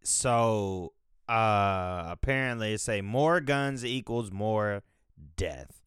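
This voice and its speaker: A man's voice: lowish voice, takes it slowly, fairly bright tone, smooth, no room sound, studio quality. A man hosting a podcast, talking in a loose, profane, rambling way as he thinks aloud. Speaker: podcast host. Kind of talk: casual rambling commentary.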